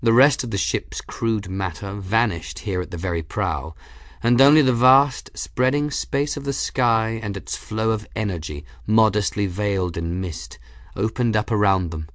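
A man narrating a fantasy audiobook in measured, even scripted narration. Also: lowish voice, no echo, studio quality.

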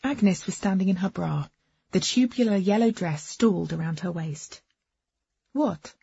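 Woman, audiobook narrator, husky, gravelly, wry and understated, dry dull recording. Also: lowish voice, expressive, moderate pace, dark tone, no echo. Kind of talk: first-person novel narration.

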